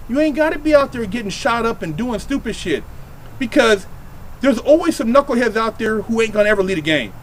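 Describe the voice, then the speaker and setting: Heated middle-aged male host, high-pitched, preachy street talk, light background hiss. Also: poor audio. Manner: blunt, profane, preachy and heated. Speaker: show host speaking from prison experience. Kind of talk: direct street-style advice to youth.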